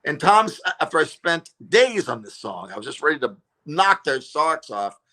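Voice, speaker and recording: A comedian who regularly appears on a radio show tells stories as a guest in a casual interview. He is animated and full of fillers and restarts, talking at normal speed in a fairly high voice.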